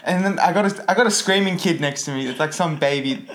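A man with a slightly high voice tells a story on a podcast in casual chat. He laughs often as he goes and acts out what other people said. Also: fast, a bit bright. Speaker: podcast co-host.

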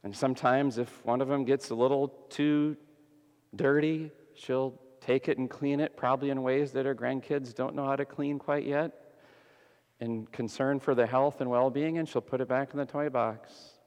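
A man preaching a sermon as pastor, dramatic, swinging between loud emphasis and hushed softness. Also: mid-range voice, fairly even intonation, normal speed. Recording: long hall reverb.

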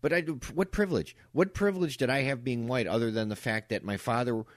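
A man's voice: mid-range voice, fast, dry recording, clean studio sound. A man co-hosting a podcast in casual chat, blunt, profane and sarcastic, and heated when he argues. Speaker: podcast co-host.

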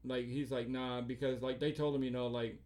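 A man's voice: medium pitch, little pitch movement, a little fast, mellow. Rambling, cussing guy telling a story. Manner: profane rambling storyteller, acts out quotes. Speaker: podcast co-host. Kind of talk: casual chat.

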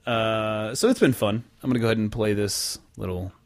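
A man's voice: on the low side, a little fast. A young man hosting a podcast, chatting casually in a rambling, profane, joking way. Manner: rambling, profane, jokey storyteller. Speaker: podcast host.

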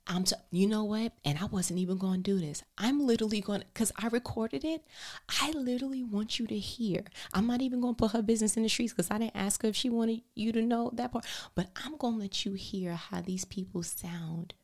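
A mother telling a story to her listeners in a casual, animated way, often dropping into a whisper. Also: mid-range voice, fairly quick. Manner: animated, expressive, talks directly to listeners.

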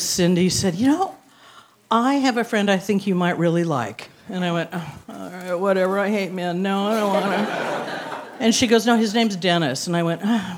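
A woman's voice: lowish voice, fairly bright tone. A woman in her sixties tells a personal story on stage before an audience, wry and self-mocking, laughing through her lines.

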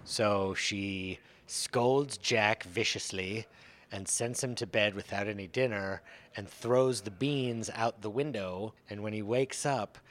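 Man, slow pace, low voice, dry wry storytelling. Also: a bit bright. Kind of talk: comic storytelling.

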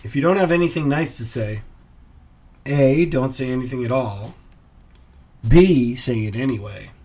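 A man's voice: mid-range voice, moderate pace, dark tone. A man hosting a solo comedy podcast, musing in a dry, self-mocking way with muttered asides. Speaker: podcast host.

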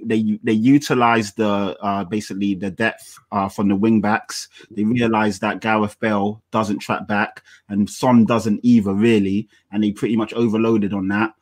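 A man's voice: on the low side, level tone, moderate pace, few pauses, dry recording. A man talking football in a casual podcast discussion, blunt and exasperated. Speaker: football pundit.

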